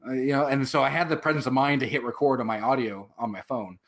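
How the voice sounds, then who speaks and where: A man's voice: mid-range voice, steady tone, fast, vocal fry, fairly bright tone. A man, a veteran and activist, telling his story as a guest in a casual interview, rambling with many fillers and swear words.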